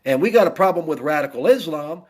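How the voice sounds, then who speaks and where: Middle-aged American veteran, blunt and heated, a bit high-pitched, hammers points twice. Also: male voice, animated, fast talker. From United States. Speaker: Navy veteran vlogger. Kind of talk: angry political rant.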